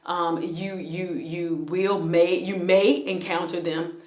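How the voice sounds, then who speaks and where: Woman vlogger, low-pitched, casual storyteller with halting restarts. Echoey room. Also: steady tone, darkish tone. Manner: conversational, frequent hesitations and restarts. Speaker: vlogger telling a personal story.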